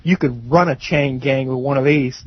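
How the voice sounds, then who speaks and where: A man voicing a crude, menacing ex-con uncle in his fifties, with a gruff, boasting drawl. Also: mid-range voice, moderate pace, no room sound, natural voice. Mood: boastful. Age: 50s. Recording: muffled lo-fi audio.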